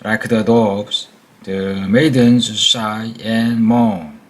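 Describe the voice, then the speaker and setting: A Korean man with a Korean accent, a native Korean speaker, reading an English textbook aloud for practice in a careful, halting way with hesitations and slips. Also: lowish voice, steady tone. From South Korea.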